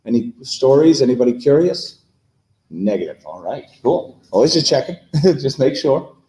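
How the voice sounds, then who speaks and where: Mellow male panel moderator. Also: medium pitch, sing-song, moderate pace. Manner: laughs often, upbeat asides. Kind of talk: hosting a live panel. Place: convention panel room. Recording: echoey room.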